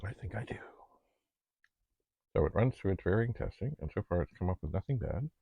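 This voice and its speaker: A man's voice: low-pitched, expressive, a little fast, creaky, breathy edge, no room sound, narrow, tinny audio. A middle-aged man hosting a vlog, chatting casually as he narrates each step of his work with playful little asides. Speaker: vlog host testing vintage computers. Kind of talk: casual narration while working.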